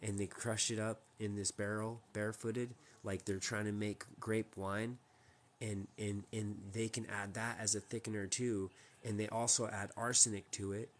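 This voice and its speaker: A man's voice: lowish voice, flat delivery, normal speed, slight background noise. A man hosting a casual live stream from home, talking in a rambling, emphatic way with many restarts. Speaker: livestream host.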